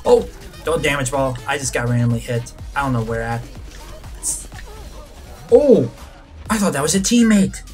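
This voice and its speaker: A man commenting live on his gameplay, his voice swinging widely in pitch as he yelps and mutters to himself. Faint game music plays behind him. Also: normal speed, pauses often. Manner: excitable, reacts loudly to the action, mutters to himself. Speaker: gaming channel host.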